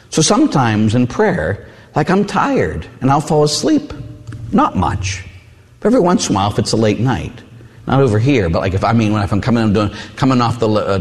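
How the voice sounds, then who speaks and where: A male priest giving a sermon with personal stories, an animated storyteller who acts out voices. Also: mid-range voice. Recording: long hall reverb.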